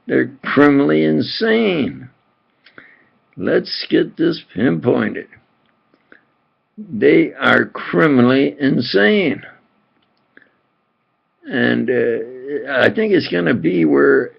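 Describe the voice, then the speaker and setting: Gravelly man rambling, lo-fi recording. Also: mid-range voice. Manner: rambling, repetitive and agitated. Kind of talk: rambling monologue to camera. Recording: dull lo-fi home video recording.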